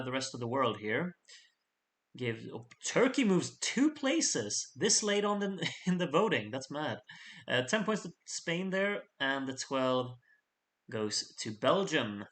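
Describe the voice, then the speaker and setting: Male host, middle pitch, casual vote-by-vote commentary with playful asides. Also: fairly bright tone. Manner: chatty, jokey asides to the audience. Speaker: host reading out fan contest votes. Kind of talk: casual live voting commentary.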